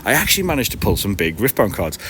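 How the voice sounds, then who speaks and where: Man, very low voice, rambling self-deprecating chat, laughing often, recorded on an iPad outdoors, clear background noise. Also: very animated, quick pace, a bit bright. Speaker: streamer and podcast host. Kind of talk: casual rambling live-stream chat. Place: outdoor market stall in the early morning, seagulls around.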